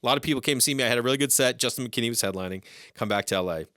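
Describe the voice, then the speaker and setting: A man's voice: mid-range voice, racing, no echo, clean studio sound. A comedian man from the Boston area telling stories in casual chat and acting out the people in them. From Boston area, USA. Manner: animated storyteller acting out voices. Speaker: comedian guest.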